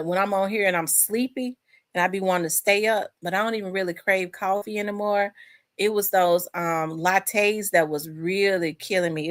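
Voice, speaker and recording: A woman's voice: medium pitch, a bit bright. A woman hosting a casual live chat from home, rambling and talking to her viewers. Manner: chatty, rambling, addresses viewers as y'all. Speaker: host.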